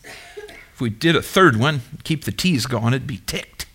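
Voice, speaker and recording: A man's voice: mid-range voice, measured pace, husky. A middle-aged man preaching a sermon as pastor, emphatic and engaging, questioning his congregation and waiting for answers. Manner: animated, emphatic preaching with call-and-response questions.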